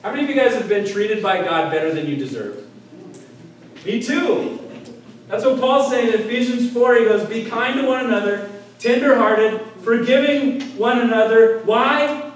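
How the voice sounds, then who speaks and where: A man's voice: extremely high pitch, lively intonation, moderate pace. A male pastor preaching a sermon in a conversational way, tossing out rhetorical questions and checking in with "right?". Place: church sanctuary. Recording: echoey room heard from a distance.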